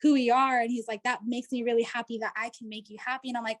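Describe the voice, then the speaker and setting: A woman from the United States with a fairly high voice and little pitch movement talks at a quick pace, with a little hiss or hum in the audio. She's an interview guest on a video call, chatty and full of "like" and "you know" as she tells a personal story.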